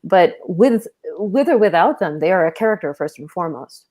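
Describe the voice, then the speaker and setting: Earnest woman narrator with a lowish voice. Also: expressive, normal speed, dark tone. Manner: earnest, explaining with many fillers. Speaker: audiobook narrator panelist. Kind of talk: casual panel talk.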